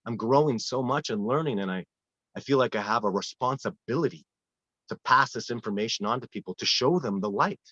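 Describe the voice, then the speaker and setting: A man who guides wilderness expeditions, telling earnest, animated stories in a casual interview with frequent restarts. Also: mid-range voice, a little fast, no echo. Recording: dull, lo-fi dry sound.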